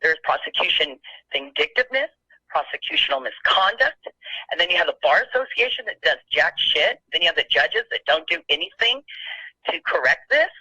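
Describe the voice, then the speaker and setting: A man's voice: sits high, very animated, a little fast, pushed and bright, husky, no echo. A man leaving an angry, agitated public comment by phone, speaking emphatically. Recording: muffled phone line.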